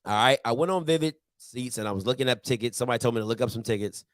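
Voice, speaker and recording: A man's voice: mid-range voice, very fast, no room sound. A male show host ranting animatedly in a casual morning-show talk, repeating his points and mocking others in put-on voices.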